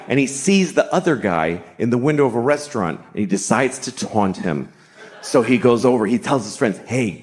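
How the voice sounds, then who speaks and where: A middle-aged man doing stand-up comedy in a sarcastic, profane way, slipping into mocking voices. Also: medium pitch.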